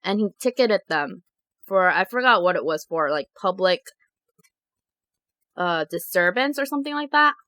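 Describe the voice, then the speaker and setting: Bright, giggly woman vlogger. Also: mid-range voice, moderate pace, pauses often, no echo. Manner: animated, giggly storytelling. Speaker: mukbang vlogger. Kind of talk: casual chat reading viewer confessions.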